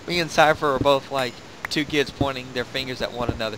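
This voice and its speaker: A man's voice: medium pitch, fairly even intonation, brisk, background noise. A young man hosting a gaming video, rambling and joking in casual commentary while laughing at himself.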